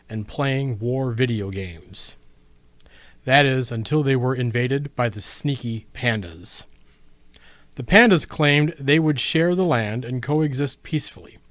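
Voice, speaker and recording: A man's voice: mid-range voice, dry recording. A man hosting a radio show about writing, announcing guests and reading a submitted story in a dramatic storyteller's manner. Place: radio studio. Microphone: studio mic.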